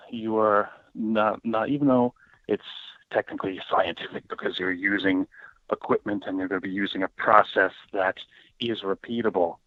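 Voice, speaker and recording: A man's voice: fairly low pitch, no echo. A man speaking as a guest on an interview show, talking casually and animatedly and often acting out what other people say. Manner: animated, acts out quoted voices. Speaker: guest, paranormal educator. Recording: tinny phone line, dry.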